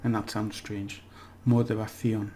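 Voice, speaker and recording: A man giving a relaxed, chatty language lesson, slowly repeating words for practice and laughing at his own slips. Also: on the low side. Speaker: language teacher. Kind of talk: casual spoken language lesson.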